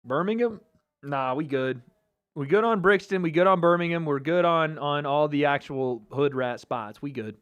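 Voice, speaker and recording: Male streamer, slightly high voice, casual and cocky, ribs the chat, laughs a lot. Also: normal speed, a bit bright, clear, resonant tone, highs cut off. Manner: joking, trash-talking, laughing often. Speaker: livestream host. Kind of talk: casual livestream chat reading comments.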